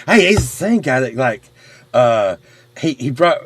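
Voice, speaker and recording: A middle-aged man telling a rowdy story in casual chat, swearing and loudly acting out the people in it. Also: medium pitch, a little slow, dry recording. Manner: animated, swearing, acts out quotes loudly. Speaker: podcast host.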